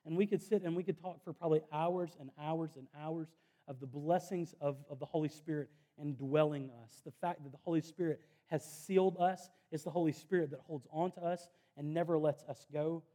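A pastor, his voice sitting a little high for a man yet warm and mellow in tone. He talks to the congregation earnestly and conversationally, and slips in self-deprecating asides. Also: steady tone, fairly quick. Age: 30s. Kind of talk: sermon.

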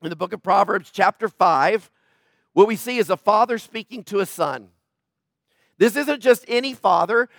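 A male pastor preaching a sermon, emphatic and questioning the congregation, swinging from loud emphasis to low quiet tones. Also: normal speed, creaky, dry recording, studio quality.

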